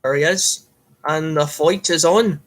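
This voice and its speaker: A man's voice: on the high side, a little slow, voice pushed down, lightly acted, rough recording. A man voicing a self-styled Irish fight commentator with a put-on, slightly off Irish accent, in comic play-by-play that is hammy and full of rambling fillers. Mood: mock-formal. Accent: put-on Irish, admittedly a bit off.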